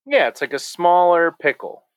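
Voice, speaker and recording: A man hosting a podcast in casual chat, animated and rambling, often laughing. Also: high voice, moderate pace, dry recording. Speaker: podcast host.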